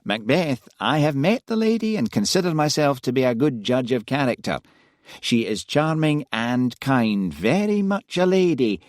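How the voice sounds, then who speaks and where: A man reading aloud, voicing a pompous, vain senior police superintendent in a smooth, condescending manner. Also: mid-range voice, sing-song, moderate pace, dry recording, studio quality, pitched above the performer's own voice, natural voice. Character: pompous silver-haired male police superintendent.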